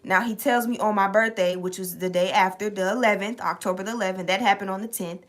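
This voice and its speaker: A young woman telling a casual, profane story to her viewers, animated and streetwise. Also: mid-range voice, fast. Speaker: tarot reader and channel host.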